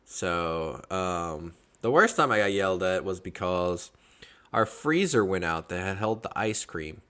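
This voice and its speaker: Very deep-voiced man telling animated stories. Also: measured pace, clean tone. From Georgia, US. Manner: animated, dramatic and jokey. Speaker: podcast host. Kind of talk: casual storytelling chat.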